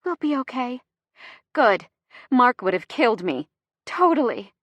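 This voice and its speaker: A woman's voice: on the high side, big pitch swings, unhurried, a bit bright, dry recording, voice pushed up, exaggerated voice. A woman voicing a wry, sassy pregnant young woman who jokes under strain, in an audiobook. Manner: dry, joking under strain.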